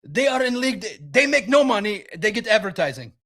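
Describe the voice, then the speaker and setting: A man's voice: sits high, sing-song, a little fast, bright, forceful tone, voice pushed up, full character voice. A man voicing a stingy, penny-pinching male football general manager who haggles and fires off indignant questions.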